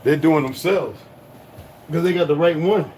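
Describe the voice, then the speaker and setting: A man's voice: fairly high pitch, measured pace, noisy background. Blunt, profane man ranting at home. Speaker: channel host. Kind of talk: casual rant and reading aloud.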